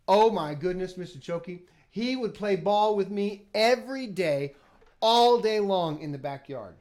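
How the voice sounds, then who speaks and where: A man's voice: high voice, measured pace. A teaching artist on a home livestream, talking playfully to children and his dogs between songs. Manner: animated, playful, talks to his dogs and viewers. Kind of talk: children's music session on a livestream. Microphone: livestream camera. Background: guitar.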